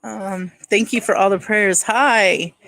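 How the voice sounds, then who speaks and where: A woman's voice: medium pitch, fairly even intonation, slow pace, gravelly, fairly bright tone, no room sound, low-quality recording. A woman hosting a live stream from her phone, casually greeting viewers by name and chatting with them. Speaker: livestream host.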